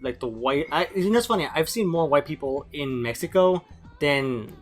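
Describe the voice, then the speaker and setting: A man's voice: fairly high pitch, animated, normal speed. A man chatting casually as co-host, telling a loose rambling anecdote. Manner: rambling, many fillers and restarts. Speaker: podcast co-host. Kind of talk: casual banter.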